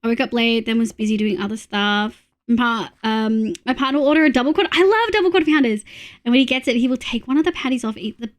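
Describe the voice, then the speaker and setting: A woman's voice: a little high, fast talker. A woman with an Australian accent, chatting casually and giggling as she talks to her live-stream viewers, swearing freely.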